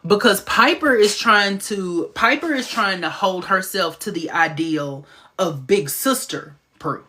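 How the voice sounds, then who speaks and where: Excited and rapid, a woman chats through a TV show on a casual live stream, now and then darting into sudden squeaky, high-pitched asides.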